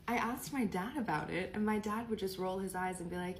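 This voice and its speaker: A woman's voice: a little high, normal speed, hardly any pauses, a little hiss or hum. Chatty woman telling a story. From United Kingdom. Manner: chatty, gossipy delivery. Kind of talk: casual storytime.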